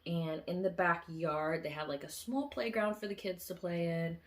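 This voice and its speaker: A woman telling a long dream story in a casual, rambling way, full of fillers and restarts, who loudly acts out her own quoted lines. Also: lowish voice, moderate pace. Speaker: vlogger recounting a dream.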